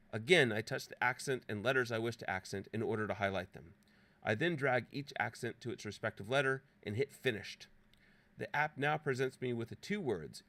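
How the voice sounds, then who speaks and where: A man's voice: medium pitch, fairly bright tone. A man presenting an app walkthrough as a scripted, playfully dramatic voice-over narration with theatrical exclamations. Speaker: presenter demonstrating a teaching app.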